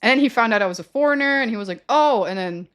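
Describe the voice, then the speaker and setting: Slangy young woman streamer, slightly high voice. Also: animated, quick pace, fairly bright tone, clean tone. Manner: rambling, self-correcting, slangy. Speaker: livestreamer. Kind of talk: casual storytelling to stream chat.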